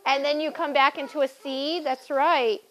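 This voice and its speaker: A woman's voice: high voice, fairly even intonation, normal speed, crowd noise, rough recording. A young adult woman guiding a children's yoga class with playful, sing-song encouragement.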